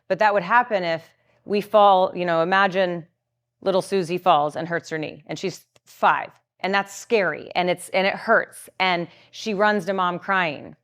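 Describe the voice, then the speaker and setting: A woman's voice: lowish voice, fairly even intonation, measured pace, fairly bright tone. Earnest woman explaining, lots of "like". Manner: earnest, many "like" fillers and restarts. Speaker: guest coach on trauma and the nervous system. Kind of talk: explanatory masterclass talk.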